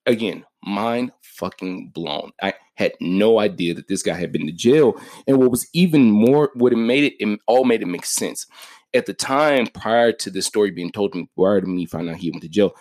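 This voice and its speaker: A man's voice: lowish voice, normal speed. A man hosting a podcast, telling a story in casual chat, profane and full of fillers like "like" and "yo.". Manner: animated, profane, lots of "like" and "yo". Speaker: podcast host.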